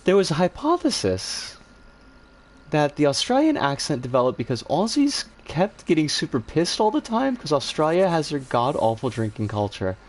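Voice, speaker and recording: A man streaming and chatting casually, answering viewer comments in a rambling, animated way with some swearing. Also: on the high side, moderate pace, slight background noise.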